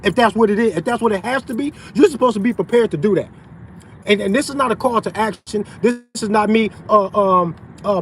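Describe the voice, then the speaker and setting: A man's voice: sits high, slight background noise, poor audio. A man ranting profanely on a livestream, outdoors in a parking lot. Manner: profane, heated ranting, conversational slang. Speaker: open carry vlogger.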